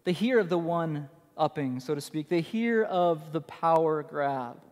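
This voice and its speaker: High-voiced man preaching in a reverberant hall. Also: expressive, measured pace, darkish tone. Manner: emphatic, repeats key phrases, casual asides. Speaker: pastor. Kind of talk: sermon.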